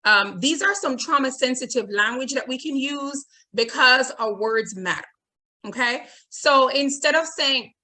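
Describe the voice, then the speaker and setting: This webinar presenter, a woman training teachers online, has a fairly high, sharp voice at a normal speed. Repetition of key points, frequent "okay?" check-ins, and reading out audience comments all mark her delivery.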